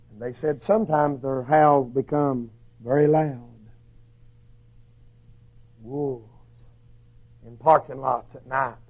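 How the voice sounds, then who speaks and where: A hoarse male preacher, shouting through a fiery sermon. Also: on the high side. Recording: dull lo-fi recording.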